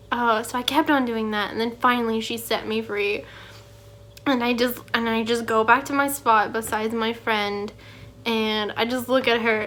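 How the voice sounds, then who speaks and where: A young woman recounts an awkward class moment in a loose, chatty way, peppering her talk with fillers and sighs. Her voice sits a little high. A faint ambient hum stays under the recording. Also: a bit bright. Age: young adult. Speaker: vlogger. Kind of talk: casual storytelling rant.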